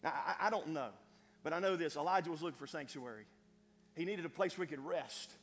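A man preaching a sermon to a congregation, stammering over repeated words and building to loud emphatic peaks. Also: on the high side, a little fast. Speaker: pastor. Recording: long hall reverb.

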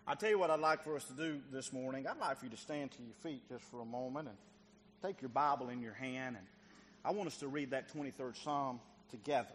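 A man's voice: mid-range voice, a little fast, a bit bright. Male pastor, folksy sermon delivery, talks straight to the pews; long hall reverb. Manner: folksy, talks directly to the congregation. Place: church sanctuary. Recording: long church reverb, faint noise.

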